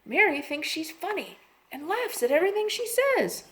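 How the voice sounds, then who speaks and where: A woman's voice: very high-pitched, sing-song, normal speed, pitched above the performer's own voice. A woman voicing a polite, firm mother in a storybook reading. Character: proper, slightly worried mother.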